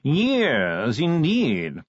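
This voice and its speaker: A man's voice: fairly high pitch, wildly swooping pitch, no room sound, highs cut off, pitched above the performer's own voice, full character voice. A man voicing a fussy, posh male art curator who drawls as if yawning, in an audiobook. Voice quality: drawling, yawning upper-class speech. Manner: slow, dithering, condescending. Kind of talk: audiobook character voice.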